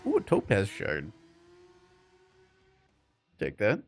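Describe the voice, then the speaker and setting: A man's voice: on the low side, huge pitch swings, slow, creaky, a little hiss or hum. A man streaming a game, chatting casually with viewers in a laid-back, joking way and chuckling often. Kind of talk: casual chat while playing and reading chat.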